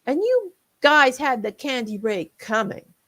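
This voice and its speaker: A woman voicing an excitable male reindeer who gushes and squeals like an eager fan. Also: high-pitched, unhurried, pitched above the performer's own voice, heavily acted. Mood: indignant. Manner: squealing, breathless gushing.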